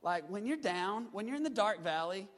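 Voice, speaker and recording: A man's voice: sits high, lively intonation, normal speed, a bit bright, big-room sound. A male pastor preaching a sermon, emphatic, calling on the congregation to answer back. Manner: emphatic, call-and-response exhortation.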